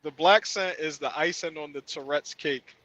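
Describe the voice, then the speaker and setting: A man's voice: fairly high pitch, normal speed, crowd noise, poor audio. A man in casual podcast chat, making crude jokes and chuckling.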